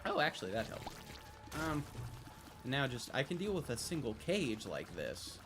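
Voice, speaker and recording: A young male streamer reacts to his game live on a close desk mic, and his pitch jumps all over as he gets excited and curses at the screen. The game music plays clearly underneath him. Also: moderate pace. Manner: excitable, talks to himself, swears freely. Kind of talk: live gameplay commentary.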